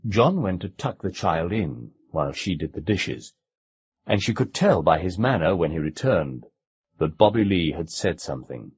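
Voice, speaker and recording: A man narrating an audiobook with measured, expressive storytelling. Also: low-pitched, slightly rough. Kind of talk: scripted narration. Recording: dull lo-fi cassette recording.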